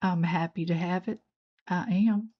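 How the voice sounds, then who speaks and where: Slow-talking older Southern woman. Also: lowish voice, steady tone, dull audio. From North Georgia. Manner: folksy, chatty, talks while working. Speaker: beading channel host. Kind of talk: crafting tutorial narration.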